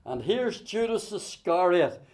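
Impassioned male preacher, loud and hushed. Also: high voice, sing-song, unhurried. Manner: swings between loud emphatic scripture quoting and soft hushed storytelling. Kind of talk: sermon.

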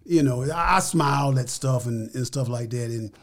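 A man's voice: mid-range voice, moderate pace, vocal fry. An older man, a podcast guest, telling stories in an emphatic, folksy way and repeating his phrases. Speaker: interview guest. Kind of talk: casual storytelling.

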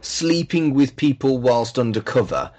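A man's voice: mid-range voice, animated, a little slow, darkish tone. A man giving opinionated takes in a casual film chat, stumbling over his words when he pushes a point.

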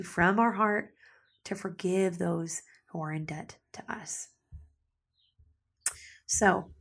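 A woman's voice: on the low side, vocal fry, slightly rough. A woman preaching a sermon in a conversational way, with asides and restarts, reading scripture passages aloud.

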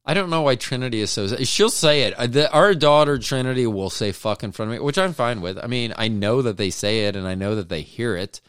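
A man's voice: mid-range voice, brisk, hardly any pauses, fairly bright tone, clear, resonant tone, no room sound, studio quality. A middle-aged man co-hosting a podcast, chatting casually in a teasing, joking, swearing manner. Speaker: podcast co-host. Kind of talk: casual chat.

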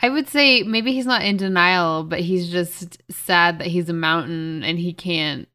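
A woman co-hosting a podcast, talking quickly and giggling often. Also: fairly low pitch, bright, forceful tone, clean tone. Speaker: podcast co-host. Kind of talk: casual chat.

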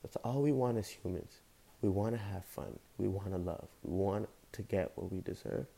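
Gravelly, warm and husky, this young man's fairly low voice moves at a moderate pace. As a podcast host, he gives a passionate, meandering motivational talk full of casual slang.

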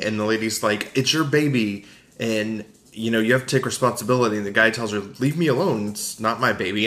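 A man with a Southern US accent recapping a film in casual podcast chat, animated and jokey. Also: mid-range voice. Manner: animated, jokey, acts out quotes. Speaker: podcast co-host.

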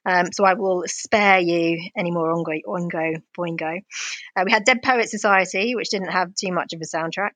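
A woman's voice: lowish voice, moderate pace, fairly bright tone, no room sound. A woman co-hosting a podcast, talking in an easygoing, wry way about music. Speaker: podcast co-host. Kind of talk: casual chat about music.

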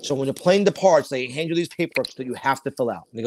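A man's voice: fairly high pitch, animated, very fast, hardly any pauses, a little hiss or hum. Swearing New man ranting. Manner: rambling storytelling with heavy swearing. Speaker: podcast co-host. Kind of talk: casual profane chat.

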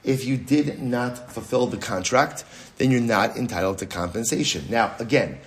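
Middle-aged male rabbi, mid-range voice, animated Talmud teacher who quizzes himself aloud and drills points by repetition. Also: mid-range voice, normal speed. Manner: animated, asks and answers his own questions, repeats phrases, Hebrew and Aramaic terms. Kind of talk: lively Talmud class.

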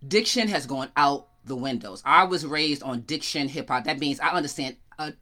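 A middle-aged New Yorker, talking loosely and profanely in casual chat. The voice is bright and forceful at an ordinary pitch, and the speaker laughs often. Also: animated, moderate pace. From New York.

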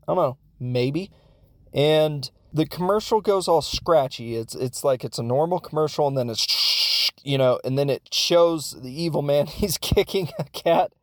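A man's voice: fairly high pitch, unhurried. A man recapping a foreign film in a rambling, jokey way with lots of asides. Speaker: film reviewer.

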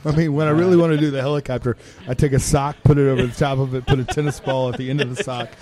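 A man's voice: mid-range voice, fairly even intonation, racing. A man, a guest wrestler, bragging and joking crudely in casual chat at a busy alehouse bar. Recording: loud bar crowd behind. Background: crowd chatter.

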